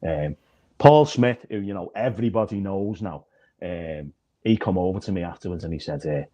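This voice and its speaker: A man who is both a minister and a comedian tells rambling, self-deprecating stories in casual chat, using many fillers. His low voice is expressive and warm, at a moderate pace.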